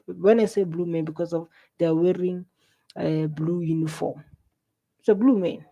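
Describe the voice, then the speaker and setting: A man's voice: fairly high pitch, steady tone, moderate pace, vocal fry, warm tone. A South African man hosting a live reaction video, exclaiming and scolding with a lot of repetition.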